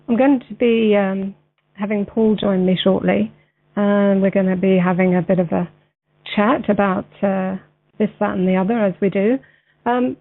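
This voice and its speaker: A woman hosting an internet radio show, chatting hesitantly with many fillers and then reading a text slowly. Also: mid-range voice, vocal fry. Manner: hesitant, many ums and uhs. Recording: tinny phone-line sound.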